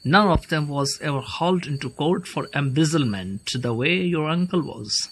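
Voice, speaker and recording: A man's voice: a little high, lively intonation, moderate pace, slight background noise. A man reading aloud as an anxious, touchy young landowner who complains and protests. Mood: indignant. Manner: complaining, indignant. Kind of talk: play read aloud.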